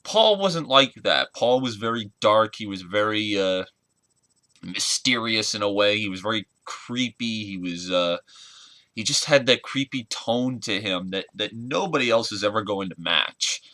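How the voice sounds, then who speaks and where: Young male vlogger, earnest and halting, lowish voice, dry close sound. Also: expressive, sharp tone, no echo. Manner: earnest, halting, searching for words. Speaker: wrestling fan vlogger. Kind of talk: casual spoken tribute vlog.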